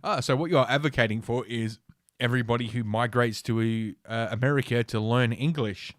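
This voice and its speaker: A man's voice: medium pitch, normal speed, no echo, clean studio sound. A man hosting a podcast, reading news articles aloud with sardonic, profane asides and frequent stumbles. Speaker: podcast host. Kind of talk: casual news commentary.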